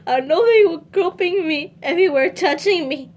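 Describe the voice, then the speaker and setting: A woman's voice: very high-pitched, moderate pace, a little mellow, lo-fi sound. A woman vlogger telling a personal story to her viewers, earnest and close to tears, repeating herself as she speaks straight to them.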